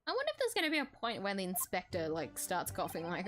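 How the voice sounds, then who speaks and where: A giggly woman comments casually on a courtroom game for her stream. Her voice sits a little high, her tone is playful and teasing, and soft music plays in the background. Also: sing-song, moderate pace. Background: faint background music.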